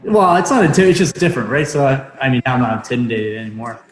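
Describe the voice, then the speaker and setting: A man's voice: mid-range voice, expressive, quick pace, echoey room, faint music behind, low-quality recording. A young man, a professional hockey player, chatting in an interview from home over a remote call, hesitant with many fillers and restarts. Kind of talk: casual interview chat.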